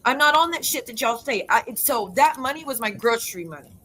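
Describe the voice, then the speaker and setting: A woman's voice: a little high, expressive, sharp tone. Heated, swearing woman ranting to camera. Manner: heated, profane, rapid restarts and self-interruptions. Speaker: YouTube creator. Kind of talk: ranting monologue to viewers.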